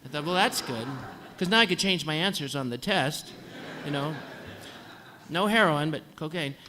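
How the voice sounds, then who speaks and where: A man's voice: fairly high pitch, animated, normal speed, pushed and bright, slight background noise. A man telling a dry, humorous story to a concert audience, acting out the voices of the nurses and doctors. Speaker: singer telling a story on stage. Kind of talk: comic storytelling at a live concert. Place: concert hall on stage.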